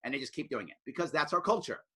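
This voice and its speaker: A man speaking casually to a student group, animated and often acting out other people in raised voices. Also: mid-range voice, fast talker, slightly rough. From United States. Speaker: political speaker.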